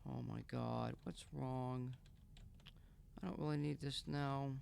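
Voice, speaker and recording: A man's voice: medium pitch, fairly even intonation, slow, gravelly, a little mellow, a little hiss or hum. A man streaming a game live, muttering and swearing in frustration to himself. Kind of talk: live gameplay stream talk.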